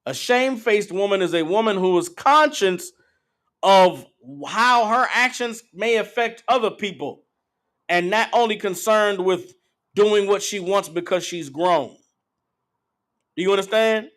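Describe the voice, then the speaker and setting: Blunt high-voiced male street preacher. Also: a little slow, a bit bright. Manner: blunt, profane, mocking impressions of women. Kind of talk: street-style sermon. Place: meeting hall.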